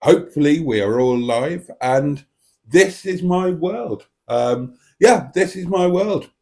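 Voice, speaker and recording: A man's voice: on the high side, expressive, takes it slowly, a little mellow. A man hosting a casual live stream from his dining table, speaking into a desk microphone in a rambling, self-mocking, theatrical way. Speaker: livestream host. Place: home dining room.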